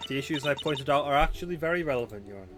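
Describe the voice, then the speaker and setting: A man voicing a scrappy young female defense lawyer who talks bluntly and swears, over loud game music. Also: medium pitch, lively intonation, racing, voice pushed up, close to an everyday voice. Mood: determined. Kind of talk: let's play voice acting.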